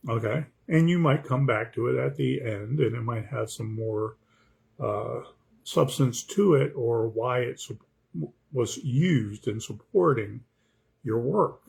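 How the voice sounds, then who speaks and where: A man with a gravelly, husky voice talks through his thoughts on writing as an author. He rambles and restarts, and he keeps turning to the listener with a quick "okay?". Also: mid-range voice. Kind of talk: casual talk on writing craft.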